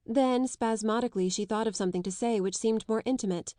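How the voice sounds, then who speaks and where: Female narrator for a classic novel, even and measured, dry close recording. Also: on the high side, no room sound. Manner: measured, even literary reading. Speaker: audiobook narrator.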